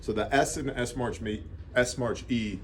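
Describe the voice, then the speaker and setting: A man teaching emergency response through a lively personal story, with emphatic asides. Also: mid-range voice, moderate pace, a little hiss or hum. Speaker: emergency medical instructor. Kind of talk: anecdotal teaching talk.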